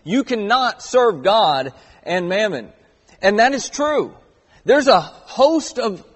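Guy in his 30s preaching, pretty high voice, big echoey church hall. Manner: earnest, builds emphasis on key words. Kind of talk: sermon. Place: church auditorium. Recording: long hall reverb.

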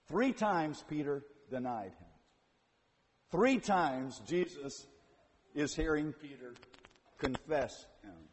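A man preaching a sermon, retelling scripture with dramatic swings from hushed to loud. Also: on the high side, sing-song, takes it slowly, pauses often. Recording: long hall reverb.

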